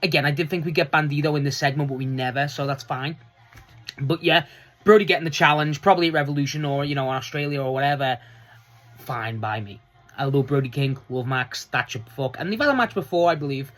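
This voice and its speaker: A wrestling fan reviewing last night's show in a loose, chatty vlog, swearing freely and laughing often, with the voice jumping up high when excited. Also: brisk. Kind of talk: casual solo review vlog.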